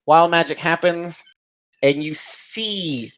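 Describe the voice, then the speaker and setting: Man, dungeon master, unhurried, vivid rambling narration, lots of fillers. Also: a little high, a bit bright, rough recording. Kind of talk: narrating a tabletop game.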